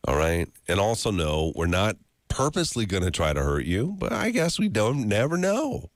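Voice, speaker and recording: Male morning radio host, deep voice with lots of swing, casual joking banter. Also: normal speed, dry recording, clean studio sound. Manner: storytelling, animated and joking. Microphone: studio microphone.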